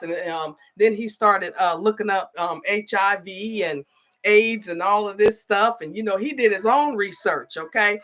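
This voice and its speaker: A woman's voice: medium pitch, moderate pace, fairly bright tone. A middle-aged woman telling a story in a casual vlog, chatty and full of "okay?" and "you know". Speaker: spiritual advisor.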